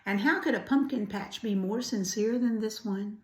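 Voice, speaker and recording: An older woman reading a children's storybook aloud, gentle and adding chatty asides. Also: medium pitch, normal speed. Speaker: grandparent storyteller. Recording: roomy echo.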